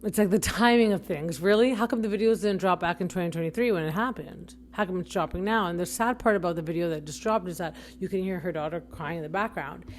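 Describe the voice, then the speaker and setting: Chatty woman with a low voice. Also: quick pace, few pauses, slight background noise. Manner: chatty, rambling, frequent self-corrections. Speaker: podcast host. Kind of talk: casual opinion commentary.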